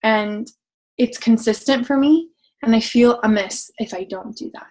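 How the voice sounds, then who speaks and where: Woman, young adult, slightly high voice, casual live chat host, earnest, open, laughs easily. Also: unhurried, darkish tone, poor audio.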